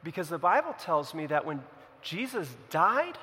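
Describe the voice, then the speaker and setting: A male pastor preaching a sermon, telling a story with acted-out voices and swinging from loud to hushed. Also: fairly high pitch, sing-song, normal speed, big-room sound. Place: church.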